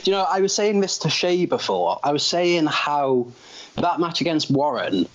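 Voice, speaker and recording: A man's voice: fairly high pitch, big pitch swings, normal speed, muffled recording. A man with a Welsh accent, hosting an interview and asking short, friendly questions. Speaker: podcast host, interviewer. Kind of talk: casual interview.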